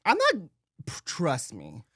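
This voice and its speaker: Male podcast co-host, expressive, acts out quotes; dry close sound, lively pitch. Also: takes it slowly, slightly rough, no echo. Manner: animated, acts out quoted voices. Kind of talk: casual chat.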